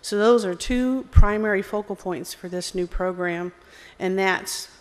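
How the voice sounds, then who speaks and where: A woman's voice: medium pitch, measured pace. A woman with a Southern US accent, a program executive giving a friendly, self-deprecating conference presentation with some fillers. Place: conference hall. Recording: long hall reverb.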